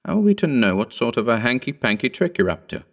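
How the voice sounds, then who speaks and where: A man voicing a blunt, wary fisherman on a schooner who talks in gruff sailor's speech. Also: mid-range voice, very animated, fast.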